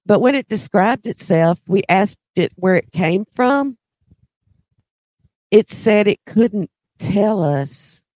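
Woman storyteller, unhurried drawl, dry close sound, measured pauses. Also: mid-range voice, expressive, a little mellow, no echo. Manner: slow, deliberate, dramatic pauses. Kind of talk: personal paranormal storytelling.

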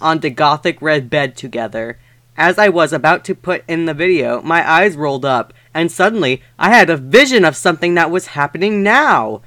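A man co-hosting a comedy podcast, reading a fanfic aloud in a deadpan way with crude asides. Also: on the high side, moderate pace, dry recording, studio quality.

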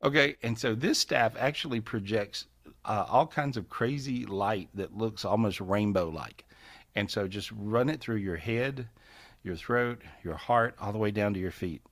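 A man with a somewhat low voice leads a live spiritual healing session over a video call. He talks in a folksy, repetitive way and laughs easily. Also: a little slow. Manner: warm, folksy, repeats phrases, laughs often.

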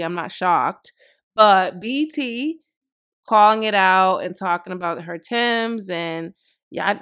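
A woman in her thirties hosts a podcast, her voice fairly high, bright, forceful and clean. She gives blunt, profane, emphatic opinion commentary in a casual way.

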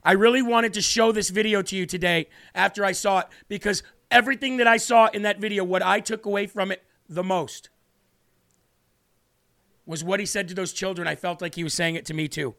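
A man's voice: high-pitched, steady tone, a little fast, gravelly, pushed and bright. A man hosting a live stream, giving earnest, repetitive political commentary while tearing up. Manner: earnest, repetitive, tearful emphasis. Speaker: livestream host.

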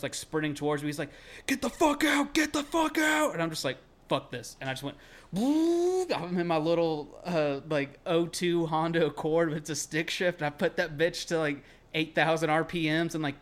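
A young man telling a long story in casual podcast chat. He rambles, fills his talk with "like" and swears freely. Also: fairly high pitch. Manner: rambling, heavy on filler "like", swears freely, shouts when quoting himself. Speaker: podcast co-host.

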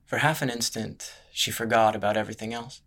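Low-voiced man narrating a fantasy story. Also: fairly even intonation, brisk, fairly bright tone. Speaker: audiobook narrator. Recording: music playing underneath.

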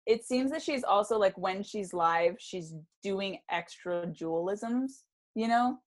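A woman's voice: medium pitch, a little slow. A woman co-hosting a podcast in casual chat, giggly and playful. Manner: giggly, reads her old diary aloud dramatically. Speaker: podcast co-host.

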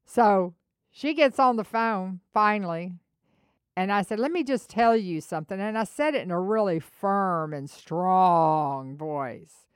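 A middle-aged woman co-hosting a faith-based talk, telling an animated story and acting out both sides of a phone call. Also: mid-range voice, moderate pace, smooth, no room sound, studio quality. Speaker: co-host.

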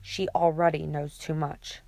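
A woman's voice: low-pitched, little pitch movement, unhurried, gravelly, a little mellow, dry recording. A woman reading a cool, mocking young man. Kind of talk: audiobook character reading.

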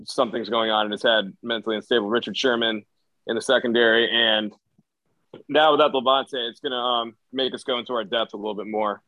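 A young man with a bright, forward voice gives his take on a football game. He talks in an easy, steady, analytical way, and the recording is close and dry. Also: on the low side, no echo, lo-fi sound. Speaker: podcast co-host. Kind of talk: casual sports podcast chat.

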